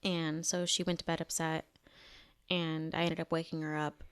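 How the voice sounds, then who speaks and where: A young adult woman co-hosting a podcast, talking in a reflective, hesitant way with frequent pauses. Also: low-pitched, level tone, clean tone. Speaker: podcast co-host. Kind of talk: casual podcast chat.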